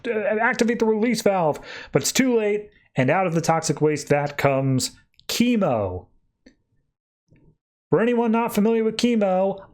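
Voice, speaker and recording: The podcast host here sounds slightly mellow and sits on the higher side. His comic book issue recap is relaxed and chatty, delivered in quick bursts stuffed with fillers.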